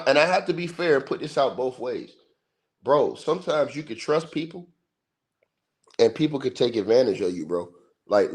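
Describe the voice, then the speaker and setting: A livestream host with a medium-pitched, darkish voice gives casual sports commentary over his livestream mic. He talks emphatically, uses plenty of slang, and repeats himself.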